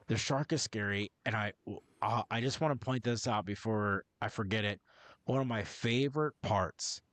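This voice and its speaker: A man's voice: on the low side, moderate pace, a bit bright, no room sound. A man co-hosting a podcast in casual movie-review chat, cursing often and restarting his sentences as he rambles. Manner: profane, rambling, self-interrupting. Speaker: podcast co-host.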